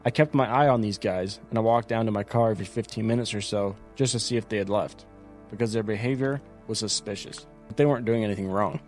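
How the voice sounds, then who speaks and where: Male storyteller, lower register, matter-of-fact first-person retelling; soft music bed behind. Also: fast. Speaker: camping vlogger recounting his trip.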